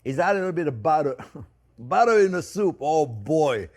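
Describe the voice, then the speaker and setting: A man hosting a cooking show, chatty and animated, laughing often and repeating words as he demonstrates a recipe. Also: on the high side, normal speed.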